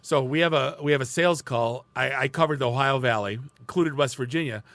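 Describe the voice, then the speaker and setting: A man co-hosting a podcast, telling stories in an animated way and swearing freely. He is from the Detroit area. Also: mid-range voice, a little fast, dry recording. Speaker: podcast co-host. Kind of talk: casual chat, storytelling.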